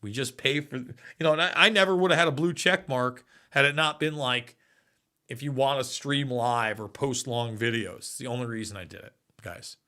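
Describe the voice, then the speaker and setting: Bright-voiced man in his forties hosting. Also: medium pitch, moderate pace. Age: 40s. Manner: rambling, reads viewer comments aloud. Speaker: livestream host. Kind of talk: casual live chat.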